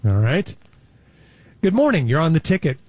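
A man hosting a morning radio call-in show, briskly taking callers. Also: a little high, sing-song, darkish tone, no room sound. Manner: brisk, amused. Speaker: radio host.

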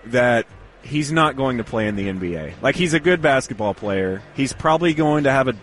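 Animated male sports co-host. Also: medium pitch, fairly quick, a little hiss or hum. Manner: animated, joking banter. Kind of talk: casual sports radio chat.

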